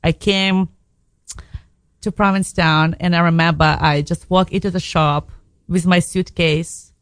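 A woman's voice: lowish voice, steady tone, measured pace, smooth, no room sound. A woman from Belarus, a radio guest telling a candid personal story in a frank, emotional way, swearing casually and restarting her sentences.

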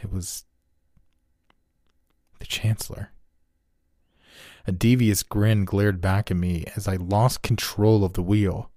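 A male horror narrator with a very low, dark, mellow voice, telling a first-person tale in a steady, measured way. The sound is close and dry, with no room echo.

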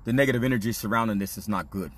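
A man's voice: on the low side, racing. A man hosting a podcast, telling a personal story in a casual, slang-heavy, confessional way. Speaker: podcast host. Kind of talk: candid storytelling monologue.

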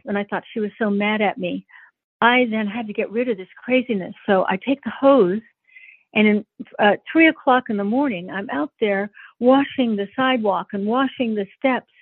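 An older woman from Northern California, an interview guest, earnestly telling a personal story with halting restarts. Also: mid-range voice, dry recording. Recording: dry tinny phone-like sound.

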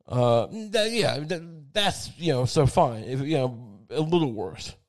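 A man's voice: mid-range voice, expressive, measured pace. A man on a crude, rambling comedic rant, swearing constantly and digressing, slipping into mocking voices for the people he quotes.

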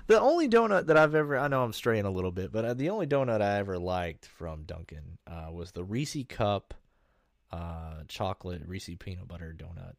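A man's voice: sits low, moderate pace, creaky, dry recording, clean studio sound. A man co-hosting a casual podcast, upbeat and eager, jumping into the talk. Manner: upbeat, animated, jumps in eagerly. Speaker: podcast co-host. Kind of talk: casual chat.

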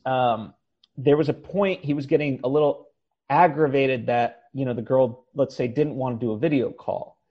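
A man's voice: medium pitch, darkish tone, lo-fi sound. A man hosting a casual podcast chat, rambling and hesitant with many fillers as he asks questions. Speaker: podcast host.

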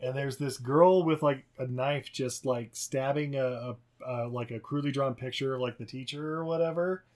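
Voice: medium pitch, fairly even intonation, moderate pace, few pauses, a little mellow. A podcast co-host recapping a movie in casual chat, rambling and profane, often laughing and acting out characters.

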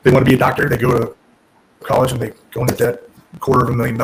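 A man who is a former wrestler and podcast guest, telling a story in casual, animated talk, restarting sentences and acting out what people said. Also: mid-range voice, rapid-fire, gravelly, background noise. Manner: animated, restarts and self-corrects, acts out quotes.

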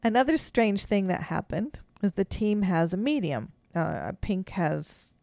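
A woman's voice: mid-range voice, a little slow, gravelly, no room sound. A woman co-hosting a podcast, telling a story in casual chat, laughing often and acting out what people said. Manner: animated storyteller, laughs often, acts out quotes. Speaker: podcast co-host.

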